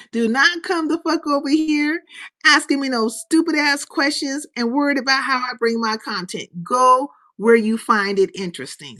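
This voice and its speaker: A woman's voice: on the high side, a bit bright. A woman hosting her own livestream, talking loosely and with lots of swearing as she rambles, reacts to comments and greets viewers. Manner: loose, profane, rambling chat with chat readers. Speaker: livestream host. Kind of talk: casual livestream chat.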